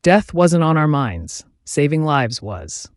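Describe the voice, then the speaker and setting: A man's voice: fairly high pitch, sing-song, slow, dry recording, clean studio sound. A man as a blunt, scoffing old sea captain. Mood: impatient.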